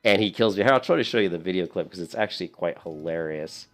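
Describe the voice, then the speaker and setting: A man in his thirties, a streamer telling a rambling, animated story in casual gameplay commentary. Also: sits low, fast, soft background music.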